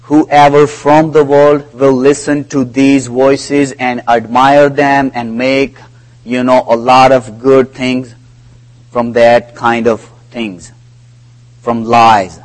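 A man delivering a sermon at a slow, measured pace. His phrasing is non-native and deliberate, and he lowers his voice when he recounts conversations. His pitch sits in an ordinary middle range. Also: little pitch movement, poor audio. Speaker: preacher.

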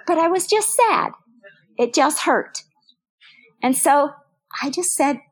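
Older female Bible teacher, high pitch, earnest personal sermon delivery. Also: expressive, a little slow. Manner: earnest, personal, repeats phrases for emphasis.

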